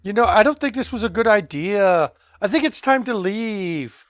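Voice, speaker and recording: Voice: mid-range voice, animated, normal speed, no room sound, clean studio sound. A player in a tabletop role-playing game, eagerly declaring their moves. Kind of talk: casual tabletop game play.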